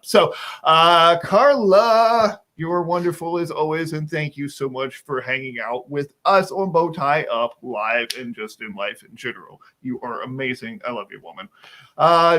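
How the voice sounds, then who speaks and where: Playful higher-voiced male host. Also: bright, forceful tone. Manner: jokey, playful, greets viewers by name. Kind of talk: casual live-stream hosting.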